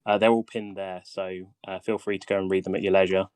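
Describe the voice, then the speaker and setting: A man's voice: deep voice, little pitch movement, fairly quick, a little mellow, clear, resonant tone, dry recording. A man hosting a casual voice-chat guide session, talking hesitantly with many ums, his voice tiring. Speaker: game guide host.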